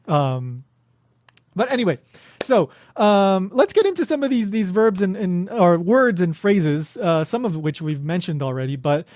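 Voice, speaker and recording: Podcast host guy, kinda high voice, talks loose with lots of um and like, dry recording. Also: sing-song, a little slow, a little mellow, no room sound. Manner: chatty, explains with many fillers and restarts. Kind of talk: casual podcast chat.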